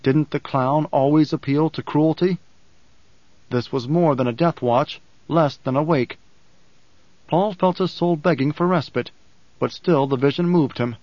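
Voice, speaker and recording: A male audiobook narrator reading in a measured, solemn manner. His voice sits a little higher than most men's. The recording is dry and slightly dull, with a lo-fi feel. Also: darkish tone, no room sound. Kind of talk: scripted narration.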